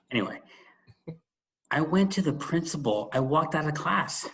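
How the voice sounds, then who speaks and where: A man's voice: on the high side, expressive, vocal fry, a bit bright. Man telling a story in casual chat. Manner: conversational, quick asides, laughs at himself. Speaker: podcast co-host and former school administrator.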